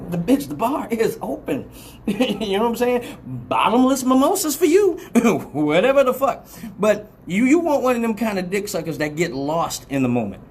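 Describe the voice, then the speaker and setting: A woman at mid pitch for her sex talks frankly on a live radio show. Her speech is blunt, crude and rambling. She laughs freely and keeps breaking into playful mock voices. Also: big pitch swings, normal speed, darkish tone, slight background noise. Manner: laughs often and acts out quoted voices. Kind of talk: live call-in radio talk.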